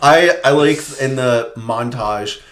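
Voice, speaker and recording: A man's voice: mid-range voice, slow pace, fairly bright tone. Laughing young man in an echoey room. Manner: laughs often, acts out movie lines. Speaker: podcast co-host. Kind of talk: casual chat.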